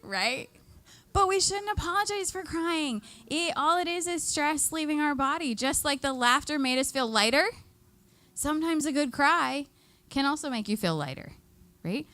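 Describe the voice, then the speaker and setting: A woman's voice: high-pitched, animated, moderate pace, pushed and bright, dry recording. A woman giving a live workshop to seniors, chatty and upbeat, leading the group through exercises and laughing often. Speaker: extension educator.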